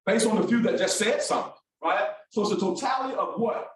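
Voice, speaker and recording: Instructor, brisk and high-pitched, echoey distant hall sound. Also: male voice, a little hiss or hum. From Alabama, US. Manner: brisk, animated, calls on the room. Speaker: workshop instructor. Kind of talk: interactive classroom lecture. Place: large echoey classroom.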